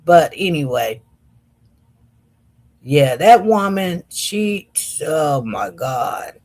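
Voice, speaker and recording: A woman hosts a casual livestream and reads viewer comments aloud. She talks slowly and wanders from point to point. Her manner is chatty, and she keeps turning to her audience as y'all. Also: low voice, big pitch swings, darkish tone. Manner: chatty, slow and meandering, addresses viewers as y'all. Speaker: livestream host.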